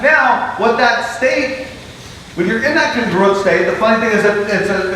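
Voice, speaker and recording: A man's voice: high-pitched, a bit bright, slight background noise. A male university lecturer giving a conversational classroom lecture, checking in with "right?" and acting out examples. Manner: conversational, frequent "right?" checks, acts out quoted patients. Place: large lecture hall. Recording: echoey lecture hall, mic far off.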